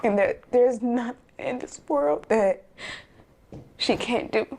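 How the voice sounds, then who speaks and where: A woman speaking slowly in a recorded clip. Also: on the high side, darkish tone, a little hiss or hum.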